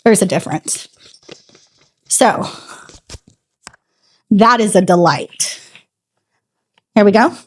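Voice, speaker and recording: A woman's voice: mid-range voice, slow, pauses often. A woman chatting casually to her phone camera outdoors while detailing a car, sassy and prone to ranting asides. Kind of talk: casual vlog chat. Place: outdoors at home, driveway. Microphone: phone camera on a tripod.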